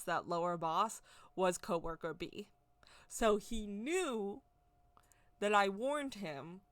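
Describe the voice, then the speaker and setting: A woman's voice: lowish voice, a bit bright, dry recording. A woman vlogger telling a casual story in a rambling way, often repeating and correcting herself. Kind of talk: casual spoken anecdote.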